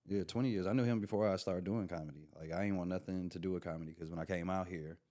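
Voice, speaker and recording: A comedian with a fairly low voice spins a casual, slang-heavy story on a podcast. He acts out each quote as he goes and swings between laid-back and animated. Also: fast talker.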